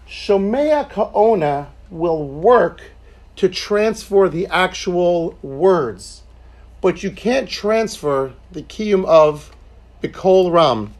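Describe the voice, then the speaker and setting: A man's voice: sits high, gravelly. A man teaching an informal Talmud class, explaining points conversationally with joking asides and frequent restarts.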